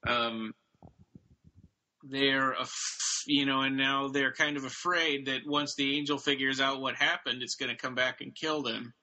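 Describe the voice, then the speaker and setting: Bright-voiced man recapping a story. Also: mid-range voice, fairly even intonation, measured pace, poor audio. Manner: retells stories loosely, with many fillers. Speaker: podcast co-host. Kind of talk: casual chat about books.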